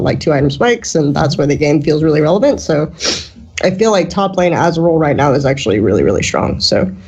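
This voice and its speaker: A woman talking as an esports analyst in a casual podcast discussion, with a flat, deadpan delivery. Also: low voice. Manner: flat deadpan delivery, self-described monotone. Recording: dull lo-fi audio.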